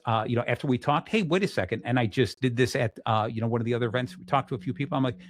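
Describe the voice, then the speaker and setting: Energetic man hosting a chat show. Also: mid-range voice, quick pace, no echo, studio quality. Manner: energetic, acts out quoted people; restarts often. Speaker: podcast host. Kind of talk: casual interview chat.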